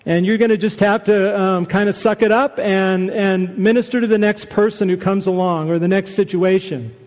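A man preaching a sermon, conversational and animated, with casual asides to the congregation. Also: sits high, moderate pace, big-room sound. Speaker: pastor.

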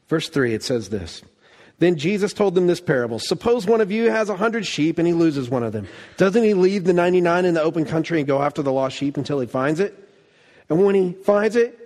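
A man preaching a sermon as pastor, animated, acting out quoted voices and dropping from loud bursts to hushed lines. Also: fairly high pitch. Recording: long reverb of a large hall.

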